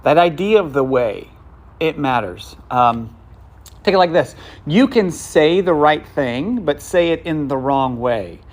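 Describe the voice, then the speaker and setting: A man's voice: on the high side, expressive, unhurried. A man preaching a sermon in a conversational way, with asides, restarts and questions to the congregation. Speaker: pastor.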